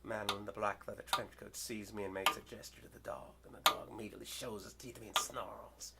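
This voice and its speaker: An older man performing a story poem dramatically, swinging from loud outbursts to hushed whispers. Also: mid-range voice, steady tone, fast, hardly any pauses, very noisy.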